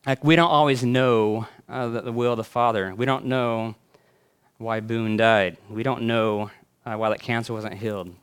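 A man preaching a sermon as a pastor. He tells a story with building phrases and hushed endings, then reflects with pauses and fillers. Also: mid-range voice, steady tone, clear, resonant tone.

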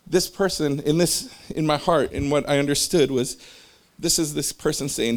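A man's voice: a little high, moderate pace, hardly any pauses. A man giving an informal religious talk, wandering off into personal stories and back in a loose, conversational way. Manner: rambling, jumps between stories; conversational, with fillers.

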